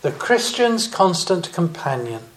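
A man preaching a sermon, speaking deliberately and rising in emphasis on key phrases. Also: high-pitched, sing-song.

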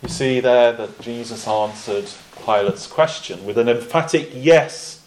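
A man preaching a sermon in a measured way, pausing often and restarting phrases. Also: mid-range voice, darkish tone, rough recording. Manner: measured, with frequent pauses and restarts.

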